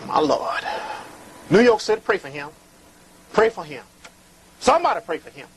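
A man with a very high, swooping voice hosts a live call-in show. He talks theatrically and preachily, calling his callers "honey". A faint hiss sits under the voice. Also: big pitch swings, moderate pace, rough recording.

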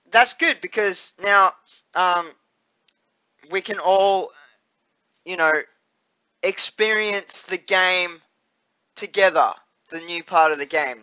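High-voiced, rambling Australian man. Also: pushed and bright, clear, resonant tone, highs cut off. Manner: rambling, with many fillers and restarts, swearing freely. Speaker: vlogger. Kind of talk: casual vlog chat.

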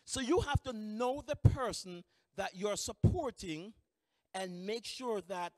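A man giving a training lecture, telling lively stories with frequent restarts. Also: high voice, slow, dry recording, studio quality, big-room sound. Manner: animated storytelling, many restarts. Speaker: employment trainer.

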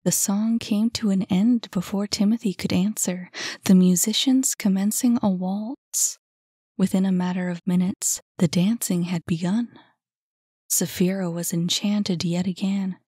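A woman narrating a novel aloud in a soft, calm voice. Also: mid-range voice, slightly rough, no room sound, studio quality. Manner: soft, calm, unhurried reading. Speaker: audiobook narrator. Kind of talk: scripted narration.

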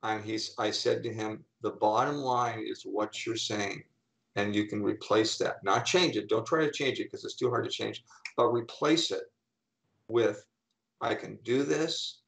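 A middle-aged man, a coach and speaker, telling animated anecdotes in an interview and acting out the people he quotes. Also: fairly low pitch, a little slow, gravelly, poor audio. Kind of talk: storytelling in an interview.

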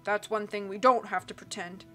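Woman narrator voicing a girl in a put-on lower voice, middle pitch, crisp, faint music behind; storybook. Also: steady tone, a bit bright, close to an everyday voice. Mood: rueful. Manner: deliberately lowered, careful delivery. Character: teenage girl faking a low voice. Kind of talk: audiobook reading.

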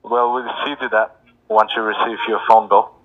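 A man's voice: on the low side, little pitch movement, moderate pace, narrow, tinny audio. A man with an Indian accent on a scam call, blunt and combative, swearing back at the caller.

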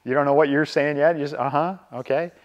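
In a large hall, with lo-fi sound quality, a Canadian man with a slightly high voice gives a live real estate training via video call. He speaks conversationally, frequently asks "right?", and slows down intentionally to model calmness.

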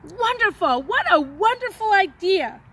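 A woman's voice: animated, normal speed, a bit bright. A woman voicing a pleading barefoot village man. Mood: grateful. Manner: high, tearful, begging.

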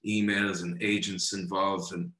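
A man from Ireland giving a casual interview as an actor, animated and chatty, often saying "you know" and calling the interviewer brother. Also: low-pitched, slow. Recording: roomy echo.

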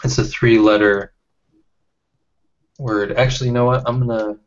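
A man leading a casual online book discussion, talking haltingly with many fillers and restarts. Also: mid-range voice, steady tone. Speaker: discussion leader. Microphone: webcam or computer mic on a video call. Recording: lo-fi video call audio.

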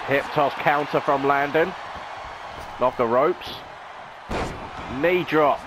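A man's voice: fairly high pitch, slow, noisy background. A man, a gaming channel host, calling a video game wrestling match play-by-play in a dramatic announcer style with rhetorical questions.

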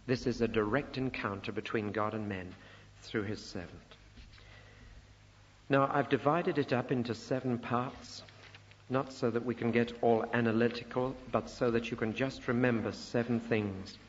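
A man's voice: medium pitch, animated, unhurried. An older man giving a Bible teaching sermon, emphatic and rising sharply on rhetorical questions. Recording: muffled recording in a reverberant hall.

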